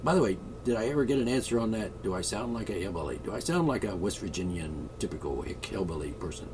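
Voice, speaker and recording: A man with a somewhat low voice rambles through a comic monologue, posing as a king issuing decrees. His talk meanders with jokes and asides. A faint background hum sits under the recording. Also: expressive, fast, recorded from a distance. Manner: mock-royal, joking and meandering. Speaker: vlogger.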